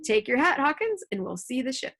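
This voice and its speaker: A woman voicing an eager, blustering gentleman squire who speaks in an emphatic, hearty way. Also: high voice, sing-song, fairly quick, slight background noise, voice pushed up, full character voice.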